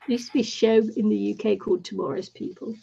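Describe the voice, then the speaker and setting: A woman's voice: medium pitch, gravelly, warm tone, breathy edge, highs cut off. A woman from New Zealand hosting a casual craft livestream chat, chatty and laughing often. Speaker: livestream host.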